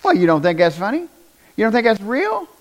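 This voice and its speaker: A man preaching a conversational sermon, often asking the congregation questions and rising to loud, emphatic bursts. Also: sits high, wildly swooping pitch, brisk. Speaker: pastor.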